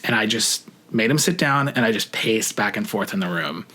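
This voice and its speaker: A young adult man casually telling a story to camera, chatty and profane, full of "like" fillers, rushing some phrases and drawing out others. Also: on the low side, lively intonation, bright, forceful tone, breathy edge. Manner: shifts between rushed and drawn-out phrasing. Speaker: vlogger.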